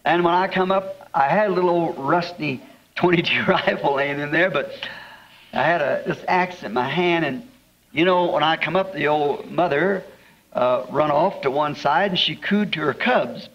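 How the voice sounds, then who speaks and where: A man with a Southern accent preaching, telling homespun stories in a chuckling, drawn-out way to a congregation. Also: fairly high pitch, fairly bright tone. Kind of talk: folksy storytelling sermon. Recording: dull lo-fi archival sermon tape, long hall reverb, faint hiss.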